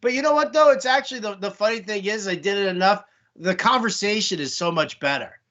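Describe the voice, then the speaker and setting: A man's voice: high voice, fairly quick, sharp tone, lo-fi sound. A man co-hosting a podcast, chatting casually in a rambling, joking way full of fillers. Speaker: podcast co-host. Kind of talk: casual banter.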